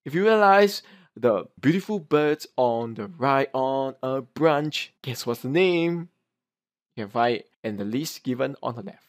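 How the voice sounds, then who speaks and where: A young man with a Singaporean English accent teaching pronunciation, reading tongue twisters slowly and adding chatty asides to the viewer. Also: mid-range voice, lively intonation.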